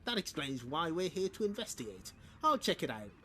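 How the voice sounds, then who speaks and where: A man voicing a determined young female hedgehog heroine in a comic read-aloud, speaking in a brisk, matter-of-fact way. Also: fairly high pitch, big pitch swings, fairly bright tone, soft background music.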